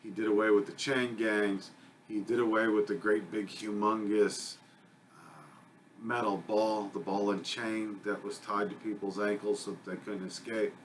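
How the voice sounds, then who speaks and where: A man with a fairly low voice delivers a recorded lecture to his students. He speaks conversationally, often pausing on fillers and correcting himself mid-sentence. A faint background hum runs under the recording. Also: flat delivery. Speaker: college criminal justice instructor.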